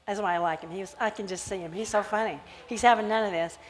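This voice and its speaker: A woman pastor giving a sermon, animated as she tells a Bible story and acts out its characters. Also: mid-range voice, fast. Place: church sanctuary. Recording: church hall reverb.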